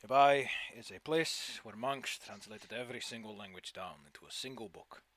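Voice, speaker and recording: A man voicing an aloof, cryptic quest-giver who talks in a slow, mysterious and dismissive way. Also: on the low side, fairly bright tone, voice pushed down.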